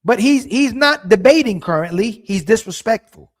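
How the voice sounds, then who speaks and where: A man hosting a stream reacts to a clip with indignant, repetitive commentary, pausing as he hunts for words. His voice is high-pitched with lively intonation.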